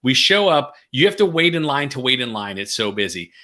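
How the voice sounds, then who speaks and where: A man's voice: mid-range voice, fairly quick. A middle-aged man, a podcast guest, telling a story casually and acting out the people he quotes in playful voices. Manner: animated, acts out quotes in funny voices.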